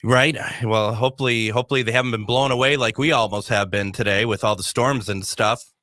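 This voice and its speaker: A man's voice: mid-range voice, fairly even intonation, a little fast, pushed and bright, no echo. A male host of a paranormal radio show, chatting casually from the studio and rambling with many restarts.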